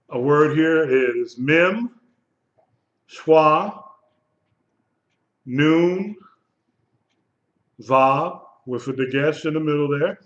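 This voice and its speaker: A man teaching a live Hebrew lesson, speaking slowly and patiently and repeating words for his students. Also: on the high side, a bit bright. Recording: lo-fi echoey room recording.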